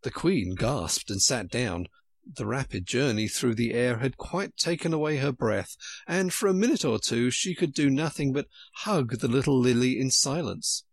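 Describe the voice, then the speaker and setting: A man narrating a storybook in a lively way. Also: medium pitch, moderate pace, husky, no room sound.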